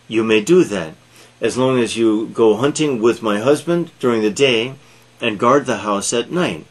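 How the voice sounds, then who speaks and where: A man's voice: medium pitch, expressive, measured pace, breathy edge. A man reading as a practical woman striking deals. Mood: bargaining. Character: kindly practical woman of the hut.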